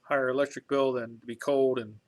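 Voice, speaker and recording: A man's voice: mid-range voice, level tone, a little fast. A middle-aged man hosting a casual live stream from his home garage workshop, rambling in a folksy way with chuckles and restarts. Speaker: channel host on a live stream.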